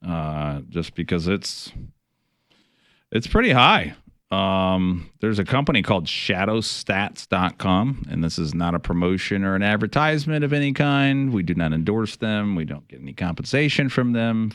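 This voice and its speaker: A man's voice: deep voice, expressive, normal speed, fairly bright tone, dry recording, studio quality. A middle-aged man, a financial advisor hosting a radio show, talking casually with many fillers, restarts and some wry sarcasm.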